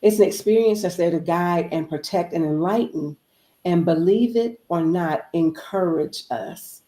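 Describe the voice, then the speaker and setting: A woman's voice: fairly low pitch, moderate pace, dark tone, echoey room. A woman guest speaker giving an inspirational, preachy talk, repeating phrases for emphasis.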